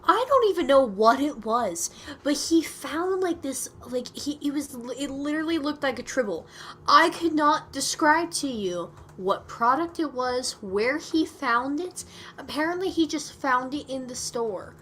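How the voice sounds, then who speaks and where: A woman co-hosting a podcast in casual chat, telling stories in an animated way and giggling often. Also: high-pitched, a little slow, a little hiss or hum. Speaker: podcast co-host.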